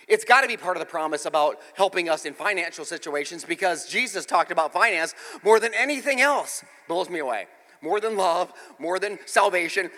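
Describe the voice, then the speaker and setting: In a church with a large-hall sound, a middle-aged man with a high voice gives a comedic storytelling sermon. He recounts an amusing family tale, exclaiming animatedly and making self-mocking jokes with the congregation.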